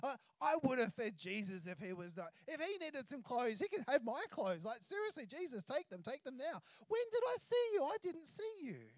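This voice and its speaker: An Australian preacher voicing a flustered believer who insists they would have helped, climbing higher in pitch as they protest. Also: very animated, normal speed, few pauses, no echo. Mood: exasperated protest. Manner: protesting, exasperated.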